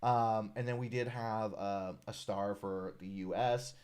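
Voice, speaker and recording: A man's voice: fairly low pitch, measured pace, clear, resonant tone. A man hosting a casual live stream, chatting loosely with many fillers and reading viewer comments. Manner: relaxed, friendly, many "uh"s, reads viewer comments aloud. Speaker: live stream host, designer of a character art project.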